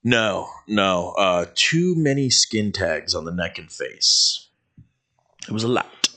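Lively, profane man telling crude stories. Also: sits low, slow. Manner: animated, profane, laughs often, acts out quotes. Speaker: podcast co-host. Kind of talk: crude casual storytelling.

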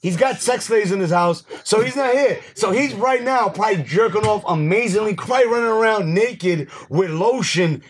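A young man hosting a casual podcast, telling loud, profane, laughing stories. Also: sits high, animated, normal speed, hardly any pauses, a little hiss or hum. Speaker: podcast host. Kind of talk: casual chat, storytelling.

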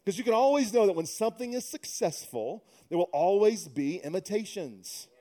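High, mellow-voiced male pastor preaching. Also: expressive, normal speed. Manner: humorous, conversational, builds to emphatic preaching. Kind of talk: sermon.

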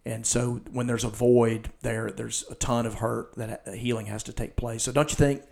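Man, church podcast host, earnest, gravelly low-fry voice, storytelling delivery. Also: little pitch movement, moderate pace, a little mellow. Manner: earnest, retells scenes with quoted lines.

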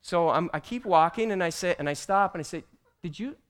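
A man teaching a church group, telling a personal story with animated delivery that builds to loud, emphatic peaks. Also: sits high, fast talker, a little hiss or hum. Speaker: church teacher presenting slides.

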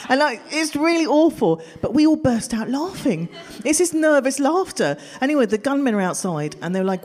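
Animated woman telling a live story. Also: on the high side, fairly quick, hardly any pauses. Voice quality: expressive, swings into loud exasperated outbursts. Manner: animated, breaks into laughter, acts out family voices. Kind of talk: live personal storytelling to an audience.

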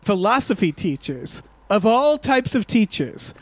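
Man, high voice, podcast co-host, casual movie review, exasperated, sweary, dry close mic. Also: very animated, dry recording. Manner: exasperated, sweary, talks in fast bursts with restarts.

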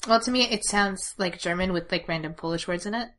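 A woman's voice: mid-range voice, brisk, a bit bright. A woman co-hosting a podcast, chiming in conversationally with comments. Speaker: podcast co-host. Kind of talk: casual chat.

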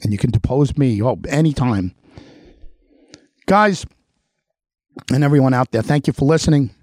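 The host of a political talk show, with an animated mid-range voice and darkish tone, speaks at normal speed on a dry studio-quality recording. He rants emphatically, repeating rhetorical questions and challenging an official who isn't there.

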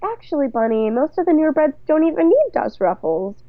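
A woman's voice: sits high, very animated, brisk, no room sound, narrow, tinny audio, pitched above the performer's own voice. A woman reading as a prim young wife. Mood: polite.

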